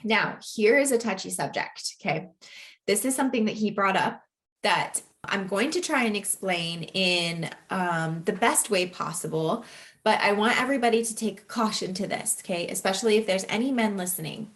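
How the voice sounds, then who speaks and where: A woman's voice: medium pitch, moderate pace, a bit bright. A woman in her thirties hosts a podcast and gives casual, down-to-earth advice. She talks candidly and earnestly, turning often to her listeners and checking in with them. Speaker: podcast host.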